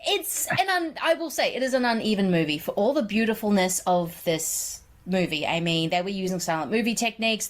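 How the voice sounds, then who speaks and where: A woman's voice: mid-range voice, expressive, fairly quick. A woman in her forties hosting a podcast, chatting casually and enthusiastically about films with frequent laughs. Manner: enthusiastic, opinionated, laughs often. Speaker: podcast host. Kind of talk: casual film chat.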